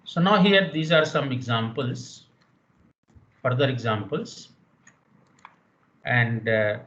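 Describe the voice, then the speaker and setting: A man's voice: mid-range voice, slow pace, fairly bright tone, highs cut off. A man teaching a university language lecture online, explaining rules patiently and repeating the key points.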